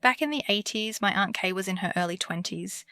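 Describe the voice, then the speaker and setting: A woman narrating true scary stories for bedtime in a calm, comforting scripted delivery. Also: medium pitch, a little fast, very noisy. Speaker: horror story narrator.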